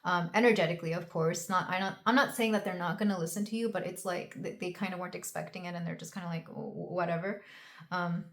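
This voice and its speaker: A woman's voice: fairly low pitch, fairly even intonation, quick pace, few pauses, a bit bright. A young woman doing a casual tarot reading to camera, talking in an emotional, rambling way with many fillers and restarts. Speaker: tarot reader. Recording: roomy echo.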